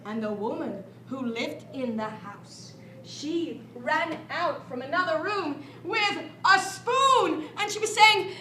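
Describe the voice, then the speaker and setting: A woman storyteller spins a tale for children with playful, animated delivery and sound effects. Her high, bright voice moves slowly and rings around a roomy library space with faint background noise. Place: library room. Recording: echoey room.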